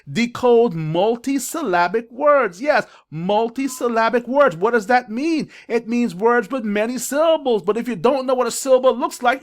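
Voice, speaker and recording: A middle-aged man coaching parents on reading, who sounds out syllables and spelling rules with emphasis. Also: very high-pitched. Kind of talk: instructional video for parents. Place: classroom or school office.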